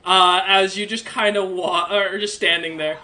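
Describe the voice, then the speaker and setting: A man's voice: high-pitched, steady tone, normal speed, sharp tone. A man narrating as game master in a tabletop game, chatty and laughing at his own twists.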